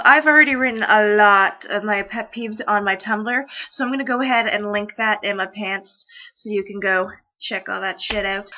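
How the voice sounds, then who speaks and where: Casting: high-pitched woman, blunt swearing vlogger, dull lo-fi webcam sound. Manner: blunt and profane, ranting. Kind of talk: casual rant vlog.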